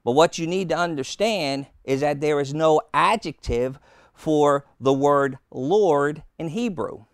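A male preacher teaching a sermon, slow and emphatic, with sudden loud stresses on key words. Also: on the high side, clear, resonant tone, no room sound, clean studio sound. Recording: old taped sermon.

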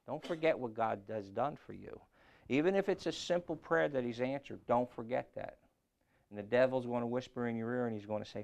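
A middle-aged man preaching a sermon, shifting from quiet talk to loud scripture reading. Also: on the low side, steady tone, moderate pace, vocal fry.

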